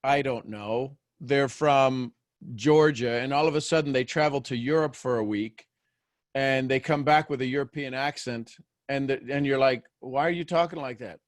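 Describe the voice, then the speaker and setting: A man's voice: mid-range voice, fairly even intonation, normal speed, dry recording, clean studio sound. A man hosting a daily motivational show, talking live to listeners. He keeps asking them questions and repeats phrases as he builds each point.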